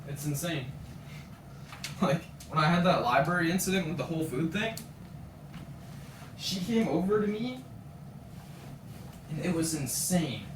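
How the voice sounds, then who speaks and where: A man's voice: a little high, expressive, a little slow, pauses often, noisy background. A teenage boy, streaming a frustrated, swear-filled rant about his school. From Canada. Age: teens. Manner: frustrated, swears often, retells scenes with quoted voices. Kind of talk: ranting casual stream chat. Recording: roomy echo, distant from mic.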